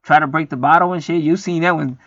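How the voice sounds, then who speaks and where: A man's voice: a little high, steady tone, quick pace, a bit bright, no echo. A man talking in a rambling, profane, preachy casual monologue as host of a spiritual video. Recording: dry, dull lo-fi sound.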